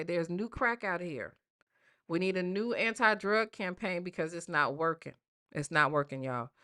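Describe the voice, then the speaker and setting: Woman host, bright voice, sassy, animated, chatty commentary. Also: mid-range voice. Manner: sassy, animated, addresses chat directly. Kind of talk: casual commentary.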